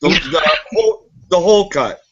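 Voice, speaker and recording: A man's voice: high voice, sing-song, normal speed, a bit bright, slightly rough. A man in casual chat explaining a recipe step by step. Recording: dull lo-fi sound.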